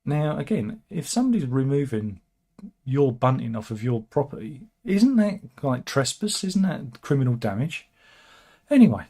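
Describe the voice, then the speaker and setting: Man, casual news commentary, wry, chatty, middle pitch. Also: big pitch swings, moderate pace, dark tone, breathy edge. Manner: wry, chatty, with asides and restarts. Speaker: host.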